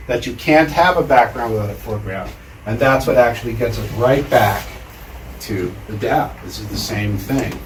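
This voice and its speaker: A man tells a teaching story at a measured pace, pausing deliberately between thoughts. His mid-range voice echoes around a lecture room, picked up from a distance. A faint hum sits behind him. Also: mid-range voice. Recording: roomy hall, mic far off.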